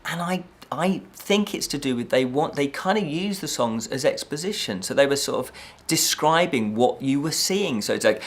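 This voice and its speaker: A man reviewing a film in a casual chat, animated and exasperated, repeating points for emphasis. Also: on the high side, normal speed. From United Kingdom.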